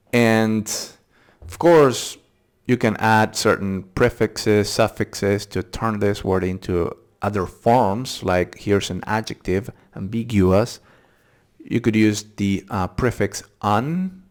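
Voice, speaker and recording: A man hosting a casual, unscripted pronunciation lesson, repeating tricky words slowly syllable by syllable and thinking aloud as he goes. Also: lowish voice. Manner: thinks aloud with fillers and restarts. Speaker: English pronunciation channel host.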